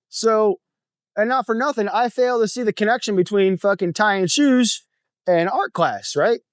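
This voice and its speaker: High-voiced, blunt, profane motorcycle vlogger. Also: male voice, clean tone, dry recording. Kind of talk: casual vlog talk while riding. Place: on a motorcycle on the road.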